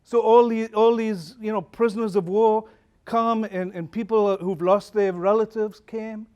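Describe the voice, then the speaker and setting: A man's voice: sits high, steady tone, unhurried, warm tone, clean tone, lo-fi sound. A man, a pastor, giving a conversational talk at a conference, telling stories and asking the audience questions. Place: conference hall.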